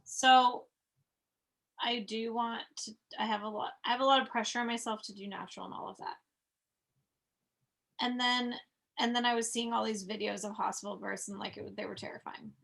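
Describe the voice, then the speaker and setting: Woman, expectant mother, slightly high voice, gravelly fry, blunt and candid. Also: steady tone, moderate pace, pauses often, fairly bright tone. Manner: candid, swears freely. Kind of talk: casual conversation.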